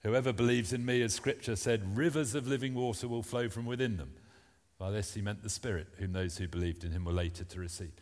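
A man's voice: on the low side, fairly quick, a little mellow, in a large hall. A man preaching a sermon at a church service, earnest and plain-spoken, reading scripture aloud between his points.

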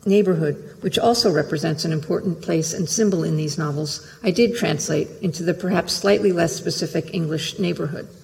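A literary translator reading a prepared lecture in a measured, careful way, heard in a lecture hall. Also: medium pitch, gravelly. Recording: long hall reverb.

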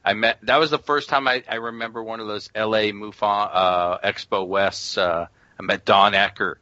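A man's voice: lowish voice, fairly even intonation, normal speed, pushed and bright, dry recording. A man hosting a podcast, chatting loosely and reminiscing. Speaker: podcast host. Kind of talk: casual podcast chat. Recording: dull lo-fi audio.

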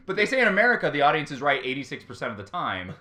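A man's voice: a little high, big pitch swings, rapid-fire, sharp tone. A man co-hosting a comedy podcast, chatting casually with lots of ums and laughs. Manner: rambling, laughing, many fillers. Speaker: podcast co-host.

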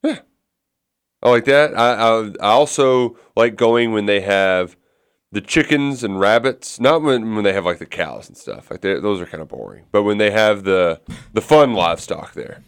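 Radio co-host dude, smooth low voice, lively, rambly chat. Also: male voice, moderate pace. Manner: chatty, self-deprecating, restarts a lot. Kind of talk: casual morning radio chat.

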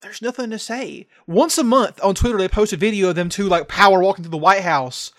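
A man's voice: sits high, fairly quick, fairly bright tone. A young man from the United States co-hosting a casual podcast chat, ranting sarcastically and swearing often. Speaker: podcast co-host.

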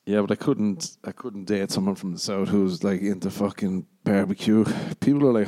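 A man's voice: on the low side, steady tone, moderate pace, dark tone. A young man hosting a rambling solo podcast, profane and jokey, often slipping into exaggerated mock voices. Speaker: podcast host.

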